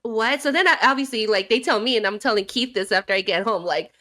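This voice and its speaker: A woman's voice: mid-range voice, lively intonation, fast talker, bright, forceful tone. A woman co-hosting a casual podcast, chatting about coworkers and readily agreeing with her co-host. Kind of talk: casual chat.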